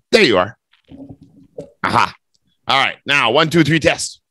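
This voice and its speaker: A man's voice: medium pitch, lively intonation, unhurried, bright, forceful tone, slight background noise. A man teaching English, running a speaking test over a video call with a playful, teasing manner.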